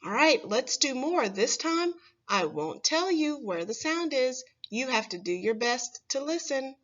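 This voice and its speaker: A woman teaching a phonics lesson to first graders, saying each word slowly and clearly for the children to repeat. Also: high-pitched, very animated, a bit bright, lo-fi sound. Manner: slow, clear, stressing single words for children to repeat.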